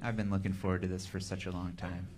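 A man preaching as a guest speaker, gentle and soft-spoken, leading the room in worship. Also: low voice, level tone, fast talker. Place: church sanctuary.

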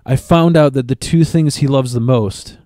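A man rambles through a long workplace story, swearing often and repeating words as he gets going. His voice is mellow and dark, at an ordinary pitch for a man. The recording is dry and close, with no room around it. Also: moderate pace, no echo. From Chicago area. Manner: profane, rambling, repeats words when starting. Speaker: stand-up comedian guest. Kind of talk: casual podcast storytelling.

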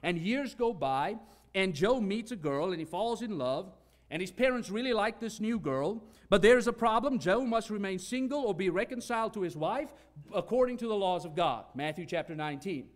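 A man's voice: high-pitched, expressive, normal speed. A man preaching a sermon, earnest and emphatic, teaching with repeated phrases.

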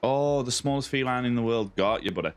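A man's voice: medium pitch, fairly quick. An Australian man live-streaming a game, chatting casually and greeting viewers by name, calling them mate and buddy. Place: home streaming setup with a ring light.

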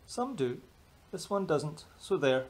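A man voicing a small stubborn mouse who insists he is a tiger, in a picture-book read-aloud, sounding insistent and dropping to hushed growls. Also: a little high, sing-song, takes it slowly. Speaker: illustrator.

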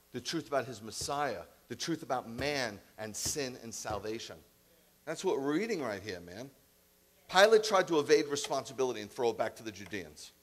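A man preaching a sermon as rabbi, emphatic and conversational with blunt asides. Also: mid-range voice.

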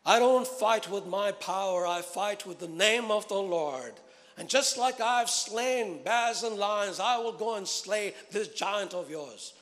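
A preacher voicing a brave young shepherd. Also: male voice, high voice, lively intonation, a bit bright, big-room sound, voice pushed up, full character voice. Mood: resolute. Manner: firm, earnest, slow.

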